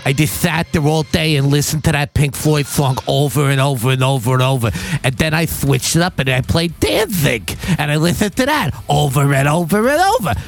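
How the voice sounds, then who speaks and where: A man's voice: fairly high pitch, a little fast, gravelly, few pauses, soft background music. A man co-hosting a casual podcast, laughing often and swearing freely. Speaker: podcast co-host. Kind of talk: casual comedic chat.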